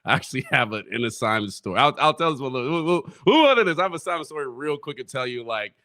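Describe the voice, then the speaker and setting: A man's voice: medium pitch, expressive, fast talker, pushed and bright. A young man co-hosting a sports podcast, telling school stories in a laid-back way and laughing along. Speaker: co-host. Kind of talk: casual sports podcast chat.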